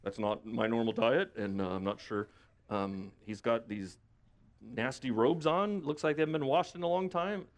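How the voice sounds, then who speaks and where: A man voicing a reluctant, picky fish that mumbles and hesitates, with a much lower, quieter voice than his own. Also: normal speed, close to an everyday voice. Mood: grumbling.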